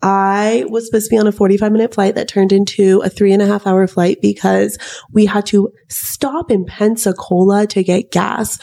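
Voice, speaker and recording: A woman's voice: mid-range voice, vocal fry, mellow. A young woman in her twenties, co-hosting a podcast and telling a long story in a chatty way, full of "like" and "um". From United States. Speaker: podcast co-host. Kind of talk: casual chat.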